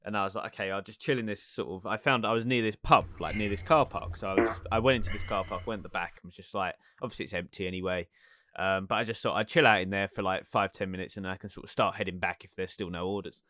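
A man's voice: on the low side, fast, bright, forceful tone, no room sound. Rambling young guy. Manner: rambling, laughing often, many fillers. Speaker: podcast co-host. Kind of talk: casual chat, storytelling.

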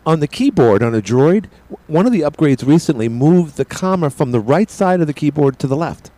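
A man's voice: on the high side, lively intonation, brisk, warm tone. A middle-aged man hosting a call-in radio show, rambling along and often stammering and repeating his words. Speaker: radio talk show host.

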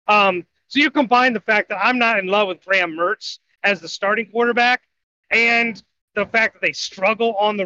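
Podcast co-host, male, high bright voice, rambling betting picks, lo-fi sound. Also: a little hiss or hum. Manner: rambling, self-correcting picks. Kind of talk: casual sports betting talk. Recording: dull lo-fi audio.

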